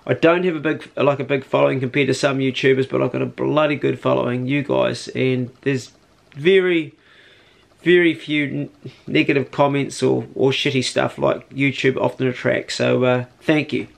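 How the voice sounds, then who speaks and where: A man's voice: mid-range voice, steady tone, normal speed, vocal fry. A man, chatting casually and slangily in his hunting vlog, first out on a farm and then indoors. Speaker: hunting vlogger.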